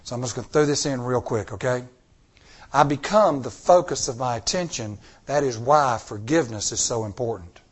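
A man preaching a sermon in an emphatic style, slowing down on key words and calling out to the congregation. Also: medium pitch, slightly rough. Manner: emphatic, slows down on key words, call-and-response. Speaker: pastor.

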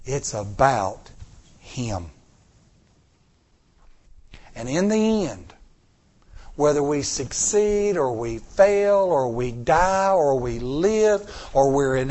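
A man preaching a sermon in an emphatic style, slowing down on key words and calling out to the congregation. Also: mid-range voice, darkish tone. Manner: emphatic, slows down on key words, call-and-response. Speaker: pastor.

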